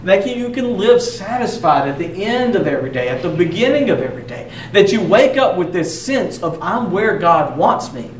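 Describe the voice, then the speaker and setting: A man delivers a sermon in a relaxed, conversational voice, slipping in jokes and slowing down to stress key lines. His voice sits somewhat high for a man. It is picked up from a distance in a roomy, echoing space with faint ambience behind. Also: slight background noise. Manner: conversational preaching with joking asides, slows for emphasis. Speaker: preacher.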